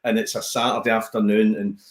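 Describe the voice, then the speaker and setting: A Scottish man, a comedian, chatting casually on a podcast as an animated storyteller who slips into voices. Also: fairly low pitch, brisk, roomy sound. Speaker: comedian guest.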